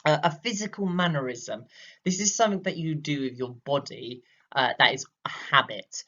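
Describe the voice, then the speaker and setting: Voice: medium pitch, sharp tone, lo-fi sound. A drama teacher giving a recorded lesson, explaining patiently with many fillers and acting out examples.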